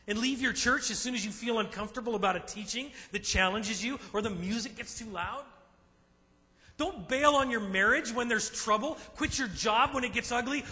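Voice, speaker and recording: Man, pastor, sermon, emphatic, animated, high voice, long hall reverb. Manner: emphatic, animated preaching with acted asides. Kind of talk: sermon to a men's group.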